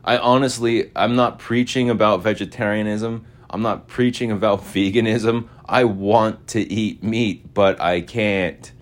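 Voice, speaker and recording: A man's voice: on the low side, steady tone, a little slow, hardly any pauses. A man hosting a podcast in a casual, meandering monologue, slangy and full of filler words. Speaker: podcast host.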